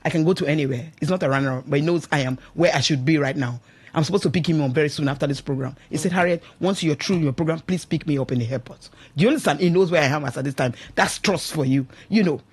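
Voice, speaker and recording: Husky Nigerian woman preaching marriage advice. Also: sits low, racing, darkish tone. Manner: emphatic, exhorting, keeps asking "do you understand?". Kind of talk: preachy radio advice talk. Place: radio studio.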